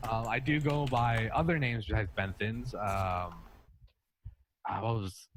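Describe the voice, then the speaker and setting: A man co-hosts a relaxed gaming podcast. He rambles through his stories and often breaks into laughter, with a faint hiss behind his voice. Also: fairly low pitch, a little slow. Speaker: podcast co-host. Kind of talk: casual gaming podcast chat.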